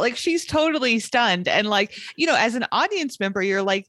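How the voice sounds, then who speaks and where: A woman's voice: on the high side, lively intonation, moderate pace, a bit bright, no echo. A young woman co-hosting a podcast, chatting casually about a TV episode, quoting characters and laughing mid-sentence. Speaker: podcast co-host. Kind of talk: casual chat recapping a TV show.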